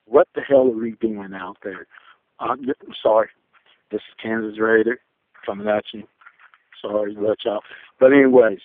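A man calling in to a fan show, ranting angrily with lots of profanity, his pitch jumping sharply. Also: moderate pace, pauses often, no echo. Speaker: caller. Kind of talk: fan call-in rant. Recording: dry tinny phone line.

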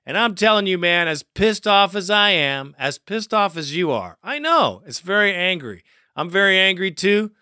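A man hosting a sports fan podcast, talking in a fired-up, rough way, cursing and laughing often. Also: high-pitched, pushed and bright, no room sound, studio quality. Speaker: podcast host. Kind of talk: casual fan podcast talk.

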